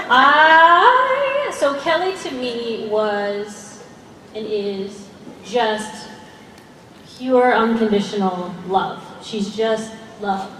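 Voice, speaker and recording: An actress at a fan convention panel, speaking earnestly and passionately with frequent laughs. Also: female voice, mid-range voice, slight background noise. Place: large convention hall. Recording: echoey hall, voice far off, faint crowd ambience.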